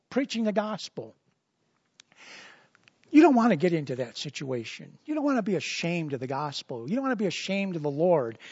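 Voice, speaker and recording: A man's voice: high-pitched, husky, no room sound, lo-fi sound. A man preaching a sermon as a pastor, in a conversational style full of repetitions and asides.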